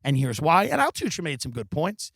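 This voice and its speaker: A man's voice: fairly high pitch, sing-song, a little fast, creaky, fairly bright tone, no room sound. A man hosting a comedy podcast, delivering a sardonic, profane rant from the backyard of a rental house. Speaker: podcast host. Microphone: studio microphone.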